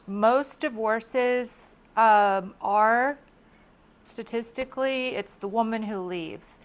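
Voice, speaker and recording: A middle-aged woman vlogger chatting to camera in a casual, expressive monologue, laughing often. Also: a little high, slow pace.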